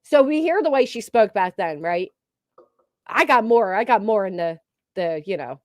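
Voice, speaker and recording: A woman's voice: a little high, big pitch swings, moderate pace, no echo, studio quality. A woman giving casual reaction commentary on a stream, mocking and sarcastic, swearing freely.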